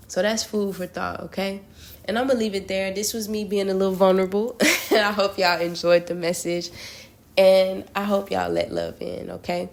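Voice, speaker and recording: A woman reading tarot, talking relaxed and direct to her viewers in a casual spiritual message, with plenty of slang. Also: mid-range voice, moderate pace. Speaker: tarot reader.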